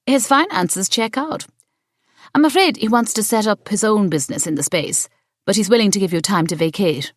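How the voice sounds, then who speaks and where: A woman voicing a cool, pushy landlady who presses a deal in a brisk, businesslike way, in an audiobook. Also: medium pitch, animated, no echo, studio quality, pitched above the performer's own voice, natural voice.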